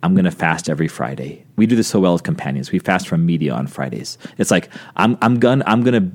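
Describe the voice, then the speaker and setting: A man's voice: low-pitched, lively intonation, fast, a little mellow. A man speaking earnestly about faith in a reflective podcast conversation, often restarting his sentences.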